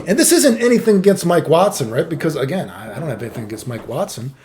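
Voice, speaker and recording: A man's voice: on the high side, fast talker, slight background noise. A middle-aged man telling stories in a casual monologue, swearing a lot and acting out the quotes with laughter. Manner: profane, animated, acts out quotes with laughs. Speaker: streamer telling fighting game stories.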